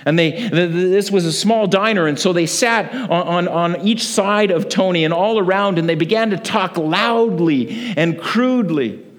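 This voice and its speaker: A man delivers a sermon as a pastor, his voice sitting a little high. He slides into storytelling, acting out the people in it. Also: normal speed, few pauses. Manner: lively storyteller, acts out quoted voices.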